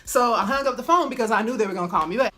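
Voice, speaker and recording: A woman vlogger telling a funny personal story in a casual, animated way, acting out what people said. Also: fairly high pitch, racing. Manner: animated, laughing, acts out quoted people.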